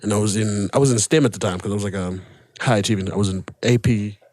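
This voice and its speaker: A man's voice: lowish voice, quick pace, darkish tone, no echo. Young guy telling rambling swear-heavy stories on a podcast, dry close sound. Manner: laid-back, profane, rambling anecdotes. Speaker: stand-up comedian guest. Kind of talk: casual podcast storytelling.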